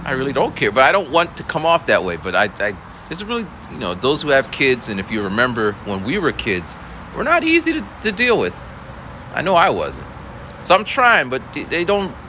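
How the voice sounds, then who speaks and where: A young man tells a rambling, laid-back teaching story with a bright, lively voice that rises and falls a lot. Faint traffic noise sits behind him. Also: medium pitch, low-quality recording. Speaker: schoolteacher. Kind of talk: casual storytelling vlog.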